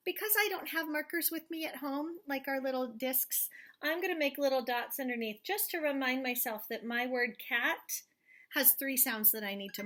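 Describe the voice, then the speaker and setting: A woman teacher giving a phonics lesson from home to young children, sounding out each letter slowly and clearly with an encouraging tone. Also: high voice, bright, forceful tone.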